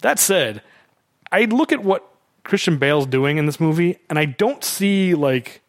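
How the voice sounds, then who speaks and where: A man in a casual, opinionated movie discussion, animated and mocking. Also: on the high side, unhurried, no room sound, studio quality.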